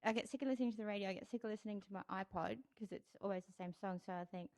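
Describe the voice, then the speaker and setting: A woman's voice: medium pitch, racing, a little mellow. A woman chatting as a guest over beers, often restarting her sentences and repeating herself. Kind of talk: casual chat over beers. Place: indoors, relaxed room.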